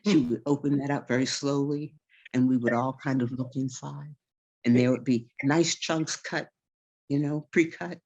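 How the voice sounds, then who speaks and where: Relaxed woman storyteller. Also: very deep voice, normal speed. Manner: relaxed, folksy, vivid detail. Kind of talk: conversational oral storytelling. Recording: slightly dull recording.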